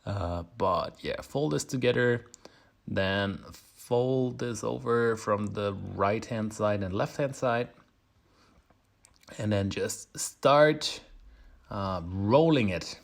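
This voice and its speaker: Low-voiced German man teaching baking. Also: slow pace, vocal fry. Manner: chatty and self-deprecating, laughs often. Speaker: home baker, channel host. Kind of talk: casual baking tutorial.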